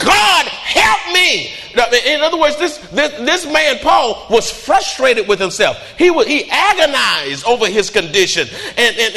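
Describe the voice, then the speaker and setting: A man preaching a sermon as pastor, in a fiery style that jabs at listeners with repeated rhetorical "huh?" and sudden shouts. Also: high-pitched, gravelly. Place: church sanctuary. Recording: long reverb in a large hall.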